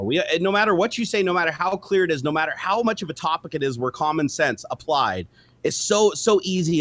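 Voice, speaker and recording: Blunt, quick-talking man. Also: a little high. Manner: blunt and profane. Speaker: co-host. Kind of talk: casual livestream chat.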